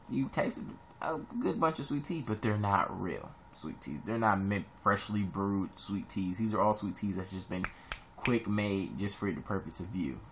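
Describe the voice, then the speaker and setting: Deep gravelly young man from Ohio. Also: slight background noise. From Columbus, Ohio. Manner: rambling, animated, sudden high-pitched jumps. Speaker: vlogger giving advice. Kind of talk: casual advice monologue.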